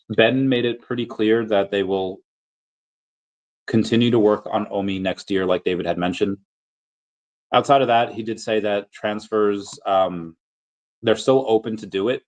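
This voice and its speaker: A man's voice: on the low side, darkish tone, poor audio. A man hosting a casual livestream, rambling loosely with fillers and restarts as he reads viewer comments. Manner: playful, drops into sung and silly voices reading comments. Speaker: livestream host reading chat.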